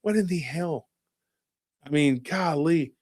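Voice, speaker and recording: A man hosting a casual podcast, talking in an excitable, rambling way and firing off rhetorical questions. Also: a little high, slow, no echo, clean studio sound. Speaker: host.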